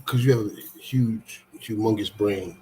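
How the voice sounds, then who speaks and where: A man's voice: lowish voice, measured pace, dark tone, a little hiss or hum, poor audio. A man co-hosting a couples talk show with his partner, answering in brief, teasing remarks. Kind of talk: casual chat with partner.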